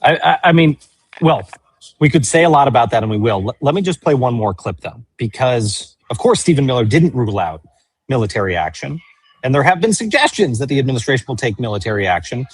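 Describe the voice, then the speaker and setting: A man's voice: mid-range voice, sing-song, a little fast, husky, no room sound. A man hosting a political commentary show, talking in a storytelling way with frequent stammered restarts. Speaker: show host.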